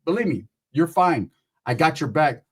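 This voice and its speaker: Husky man telling a comic story. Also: fairly high pitch, normal speed. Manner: animated, profane, acts out characters. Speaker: comedian.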